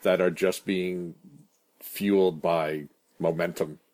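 A man with a very deep voice co-hosting a podcast. He talks in a dry, wry way. The chat is relaxed and unscripted. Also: takes it slowly. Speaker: podcast co-host.

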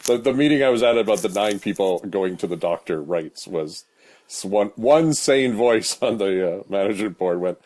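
Male co-host, very low voice, dry wry humor, casual podcast talk. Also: lively intonation, brisk, darkish tone.

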